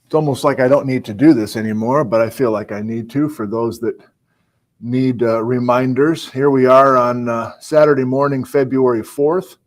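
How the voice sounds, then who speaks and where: A man's voice: mid-range voice, steady tone, normal speed. A man hosting a live-streamed program, chatting casually, greeting viewers and reading out their hometowns, with frequent fillers and asides. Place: small indoor room on a college campus.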